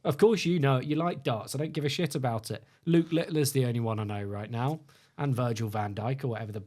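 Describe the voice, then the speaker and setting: A man's voice: medium pitch, quick pace, darkish tone. A young man chatting on a podcast, wry and self-deprecating as he tells a story. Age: young adult. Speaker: podcast co-host, contestant. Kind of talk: casual podcast banter. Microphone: podcast mic on video call.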